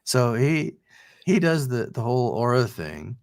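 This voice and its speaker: A man's voice: mid-range voice, sing-song, a little slow, vocal fry, a little mellow, no room sound, clean studio sound. A married man co-hosting a casual podcast chat, telling stories animatedly and swearing casually. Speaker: podcast co-host.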